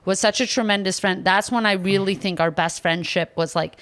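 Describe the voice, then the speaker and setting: A young woman hosting a podcast, retelling a story in an animated, exaggerated way with sudden loud outbursts. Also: medium pitch, fairly quick. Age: young adult. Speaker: podcast host. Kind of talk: casual comedic storytelling.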